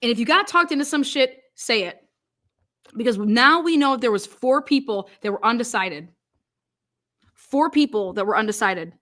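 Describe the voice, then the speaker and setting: A woman's voice: on the high side, expressive, moderate pace, sharp tone. Angry, profane woman livestreamer. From Ohio. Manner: angry, profane ranting with frequent restarts; reads viewer comments aloud. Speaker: livestream host. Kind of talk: live stream commentary.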